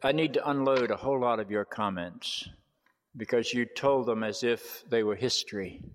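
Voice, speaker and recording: A clergyman addressing an audience, answering questions in a forceful, emphatic manner and repeating key phrases for effect. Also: mid-range voice, moderate pace, a little hiss or hum. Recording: long hall reverb.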